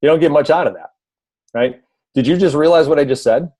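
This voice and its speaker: A man's voice: on the high side, brisk, no room sound. A man giving casual video tips on a team call, conversational, with many fillers and restarts. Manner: briefly mimics a loud announcer voice. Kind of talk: casual instructional talk.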